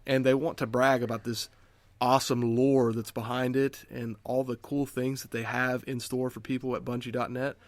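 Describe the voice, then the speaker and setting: A man's voice: mid-range voice, level tone, normal speed, no room sound. A young man co-hosting a gaming podcast, earnest and self-deprecating, working himself up into a rant. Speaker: podcast co-host. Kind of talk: casual podcast chat.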